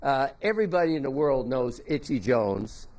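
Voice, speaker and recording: An older man giving a memorial tribute, telling folksy, halting anecdotes about a former teammate. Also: medium pitch, sing-song, a little mellow, a little hiss or hum.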